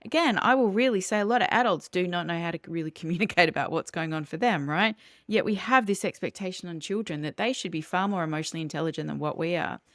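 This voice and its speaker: A woman with a lowish voice, talking earnestly as a guest on a podcast. She lays out her ideas about children step by step and acts out vivid everyday examples. The sound is dry and close. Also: fast talker, a bit bright, dry recording. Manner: earnest, explanatory, with vivid role-played examples. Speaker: parenting educator guest. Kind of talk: podcast interview.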